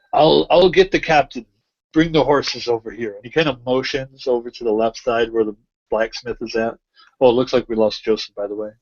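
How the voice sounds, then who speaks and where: A man narrates a tabletop game as game master in a loose, rambling way. His voice is mid-pitched. The sound is dull and lo-fi, as over an online voice chat. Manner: casual, rambling.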